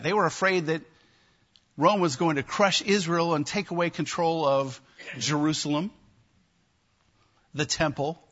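A man preaching a sermon, emphatic and animated, with wry asides to his listeners. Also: on the high side, dull audio. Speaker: pastor.

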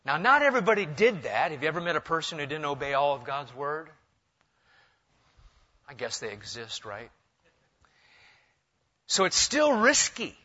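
A middle-aged man preaches a sermon with real animation, pushing his pitch up and slowing down to land his points. His voice is bright and forceful, sitting a little high for a man. The recording sounds dull and lo-fi. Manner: animated, varies pitch and pace for emphasis. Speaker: pastor.

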